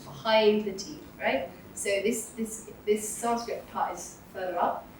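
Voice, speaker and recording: A woman's voice: medium pitch, steady tone, measured pace, distant mic. A British woman teaches Sanskrit pronunciation to a class. She models each sound for the group to copy back. Her voice comes from some way off the microphone in a very echoey room with faint noise. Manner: demonstrates sounds for the group to repeat.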